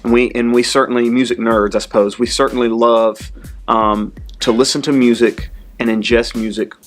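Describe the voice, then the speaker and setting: A man interviewing a colleague, speaking in a thoughtful, measured way. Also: medium pitch, flat delivery, faint music behind. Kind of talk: conversational interview.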